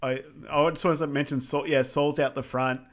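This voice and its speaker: A man's voice: mid-range voice, flat delivery, normal speed. A man co-hosting a podcast, recapping a film in casual chat, rambling with lots of fillers and quoting lines. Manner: rambling, filler-heavy retelling with quoted lines. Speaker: podcast co-host.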